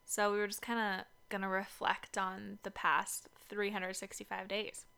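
A woman's voice: medium pitch, little pitch movement, moderate pace, gravelly, sharp tone, clean tone. A young woman co-hosting a casual podcast from a basement home studio, upbeat and chatty. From Seattle area. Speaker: podcast co-host. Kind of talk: casual chat.

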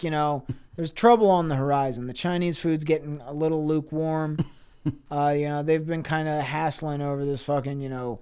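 A man's voice: a little high, a little mellow, smooth. A man co-hosting a podcast, telling an improvised comic story in a rambling, profane way with laughs between phrases. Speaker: podcast co-host.

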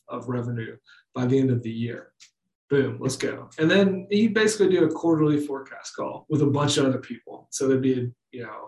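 A man talking casually about managing sales teams, with lots of fillers and restarts. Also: medium pitch. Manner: conversational, many fillers and restarts. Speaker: guest. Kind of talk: casual business chat. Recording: roomy, distant mic.

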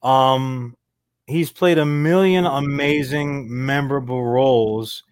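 A man's voice: medium pitch, steady tone, takes it slowly, clean tone, dry recording. A middle-aged man co-hosting a podcast, riffing and joking in casual chat over a remote call. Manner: joking, riffing with silly voices. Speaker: podcast co-host.

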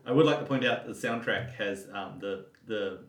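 A man co-hosting a podcast, chatting casually and digressively about a film, quick to laugh. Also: lowish voice. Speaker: podcast co-host. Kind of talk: casual film review chat. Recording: roomy, distant mic.

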